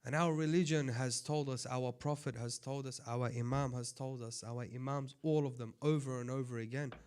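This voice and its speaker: A man who is a sheikh giving a conversational sermon, swinging between loud impassioned appeals and quiet asides. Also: mid-range voice, steady tone, moderate pace, clear, resonant tone. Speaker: sheikh giving a religious talk.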